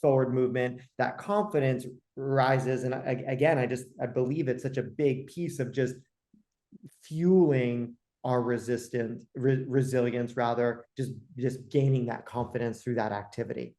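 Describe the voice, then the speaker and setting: A workshop participant with a middle-pitched voice shares his experience with the group. His speech is hesitant and he often restarts or corrects himself. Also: fairly even intonation, moderate pace, mellow. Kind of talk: casual talk to a group.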